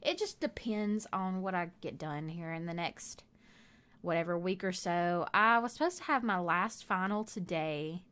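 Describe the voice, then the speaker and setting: A woman's voice: lowish voice, unhurried, fairly bright tone, clear, resonant tone. A young woman with a Southern US accent, chatting casually and rambling off topic while narrating her game build. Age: young adult. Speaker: gaming video creator.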